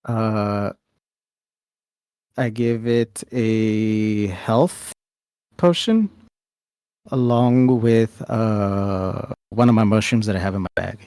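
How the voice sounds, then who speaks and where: A man's voice: on the low side, takes it slowly, pauses often, dark tone, clean tone, no room sound. A man playing in a tabletop game, joking and laughing as he talks. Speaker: player. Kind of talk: casual tabletop game chat.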